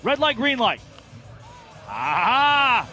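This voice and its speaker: A man calling a live baseball game from the broadcast booth, excitable and jokey, often shouting the big plays. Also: very high voice, very slow, soft background music, some chatter behind. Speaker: play-by-play announcer.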